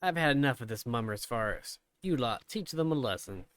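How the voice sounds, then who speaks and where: A man voicing a greedy, bullying male merchant with a slow, sneering delivery. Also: medium pitch, animated, fairly bright tone, clear, resonant tone, lightly acted. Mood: scornful.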